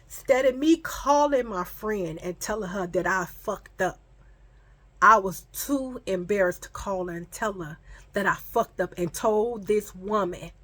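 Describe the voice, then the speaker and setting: A woman's voice: mid-range voice, measured pace. A pregnant woman telling a storytime vlog in a casual, profane way, acting out the people she quotes, and she says she feels sick and foggy. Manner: animated, profane, acts out the people in her story.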